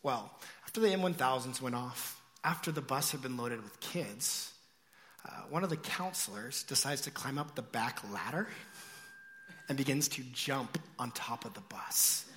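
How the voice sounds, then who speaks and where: A man preaches a sermon with a bright, tense edge, swinging from loud shouts down to hushed, near-whispered lines. His voice carries a long reverb, as if it fills a large sanctuary. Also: mid-range voice, lively intonation, moderate pace. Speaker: pastor.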